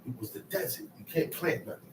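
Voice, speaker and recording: A man teaches scripture to a small group, talking fast in a fairly high, animated voice. He's emphatic, dramatizes quotations, and calls on people, all recorded from a distance in an echoey room with faint background noise.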